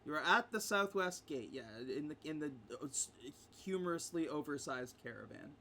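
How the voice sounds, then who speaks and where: A man's voice: on the high side, lively intonation, normal speed, bright, forceful tone, slight background noise. A man narrating as game master for a tabletop game, with frequent ums and easy laughter. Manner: laughs often, many ums.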